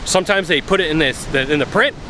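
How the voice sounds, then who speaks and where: A man's voice: fairly high pitch, quick pace, pushed and bright, slight background noise. A man giving blunt sales advice in a casual vlog, acting out phone calls as he talks. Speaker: sales coach. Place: outdoors by a bay.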